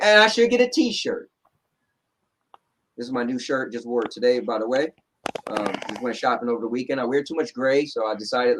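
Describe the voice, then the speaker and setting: A man's voice: medium pitch, a bit bright, slight background noise, rough recording. A man from New Jersey with a New Jersey accent, hosting a casual chat show from home, talking bluntly and sarcastically. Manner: blunt, sarcastic, repeats "right?". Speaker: show host.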